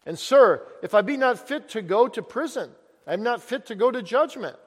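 A preacher putting on a desperate guilt-stricken pilgrim. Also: male voice, very high-pitched, brisk, fairly bright tone, pitched above the performer's own voice. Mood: fearful. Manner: pleading, desperate outcry. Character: anguished male pilgrim weighed down by guilt. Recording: long echo of a large hall.

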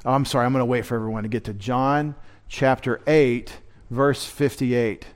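A man's voice: steady tone, normal speed. Man preaching a teacherly sermon. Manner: teacherly, rises in pitch and loudness to stress key words; wry asides to the congregation. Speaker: pastor. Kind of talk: midweek sermon. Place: church.

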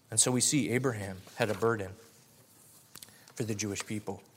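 A man's voice: on the low side, fairly even intonation, brisk, long pauses, slight background noise. A man in his late twenties giving a personal testimony and sermon, earnest and heartfelt, rising to fervent emphasis. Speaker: preacher.

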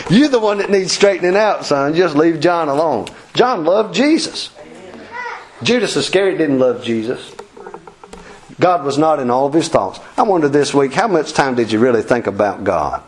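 Animated preacher man. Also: a little high, moderate pace, a little hiss or hum, rough recording. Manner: folksy, animated, acts out quotes with laughter. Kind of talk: sermon.

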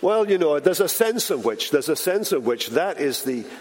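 Pastor preaching in a reverberant church. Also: male voice, very animated, darkish tone. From Britain. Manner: emphatic, with dramatic slowdowns and drops in pitch. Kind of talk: sermon. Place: large church sanctuary.

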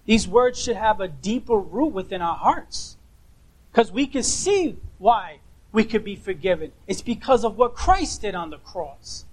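A man's voice: high-pitched, very animated, a little slow, low-quality recording. A man preaching a sermon, emphatic and asking rhetorical questions, repeating key words for emphasis.

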